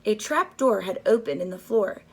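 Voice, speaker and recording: A woman's voice: medium pitch, animated, a little mellow, breathy edge. Woman reading a storybook to children. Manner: pauses to ask listeners questions. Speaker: storybook reader.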